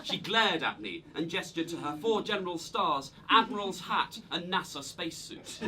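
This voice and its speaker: A stand-up comedian with a slight cold tells stories in a self-deprecating, hesitant way, projecting without a microphone in a small live room as the audience laughs. His voice is high-pitched with lively intonation, he takes it slowly, and the background is noisy.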